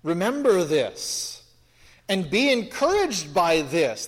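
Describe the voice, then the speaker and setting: A man's voice: on the high side, animated, measured pace. Man teaching scripture in a reverberant hall. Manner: conversational, explaining verses and asking questions. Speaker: Bible teacher. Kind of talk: expository Bible teaching.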